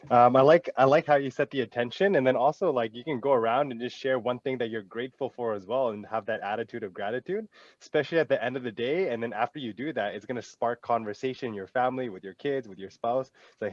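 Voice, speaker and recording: A man's voice: mid-range voice, quick pace, no room sound, lo-fi sound. A man joining a group video call, talking in an enthusiastic, upbeat way. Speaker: participant. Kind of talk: casual chat on a video call. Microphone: video call mic.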